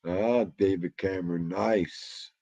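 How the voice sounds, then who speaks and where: A man's voice: deep voice, fairly even intonation, slow, warm tone, no room sound. A man hosting a casual livestream, rambling about old movies, muttering asides to himself and greeting chat. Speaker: livestream host.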